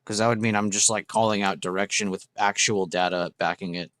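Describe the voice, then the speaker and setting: A man's voice: lowish voice, steady tone, fairly quick, fairly bright tone, no echo. A young man hosting a trading livestream, chatting casually and enthusiastically with viewers, swearing freely. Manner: casual, profane, enthusiastic, reacting to chat.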